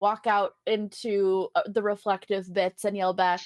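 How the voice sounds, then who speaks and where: A woman's voice: medium pitch, level tone, a little slow, no echo, clean studio sound. A woman playing a tabletop game, laughing often as she describes her character's actions. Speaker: player. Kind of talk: casual tabletop game play.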